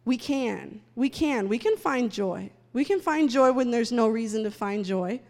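In a church sanctuary, a woman with a slightly high, animated voice preaches a sermon and leads prayer at a measured pace. Her fervent conviction rises into loud praying, and long hall reverb and faint music fill the recording.

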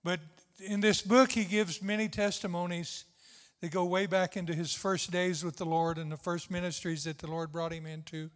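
Older guy preaching, high voice, earnest and repeating himself, big echoey church sound. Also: flat delivery, moderate pace. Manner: fervent, tender, repetitive emphasis. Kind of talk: sermon. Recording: long hall reverb.

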